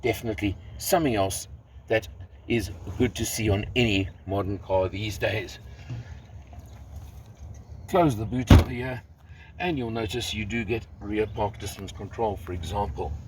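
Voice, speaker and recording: A man's voice: lowish voice, moderate pace, pauses often, a little mellow, recorded from a distance, slight background noise, low-quality recording. A man, enthusiastically walking around a car and pointing out its details in a review, recorded outdoors. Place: outdoors beside a car at a launch.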